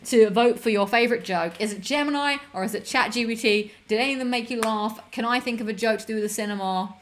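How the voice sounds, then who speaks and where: Young woman, casual stream host, rambling and self-mocking. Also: on the high side. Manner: chatty and self-deprecating, rambling with fillers and giggles. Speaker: livestream host. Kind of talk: casual chat with viewers.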